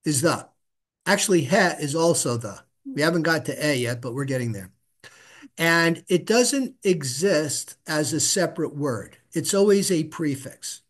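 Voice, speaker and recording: A middle-aged man with a somewhat high voice tutors a student in Hebrew reading. He talks casually and patiently, drawing out syllables and repeating them so they can be echoed back. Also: animated, unhurried. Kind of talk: casual one-on-one reading lesson.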